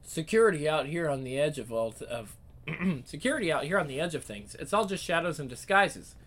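A man voicing a calm, knowing woman from a secret group who explains things with teasing endearments, in a comic reading. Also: on the high side, a little fast. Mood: cool.

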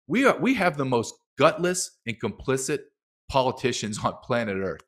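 A man's voice: fairly high pitch, very animated, moderate pace, a bit bright. A middle-aged man speaking as a documentary filmmaker guest in a heated interview, emphatic and impassioned, acting out quotes.

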